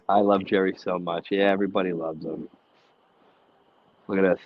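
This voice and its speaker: A man co-hosting a casual podcast chat, telling animated, profane stories and acting out shouted quotes. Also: deep voice, unhurried, dry recording, dull audio. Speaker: podcast co-host.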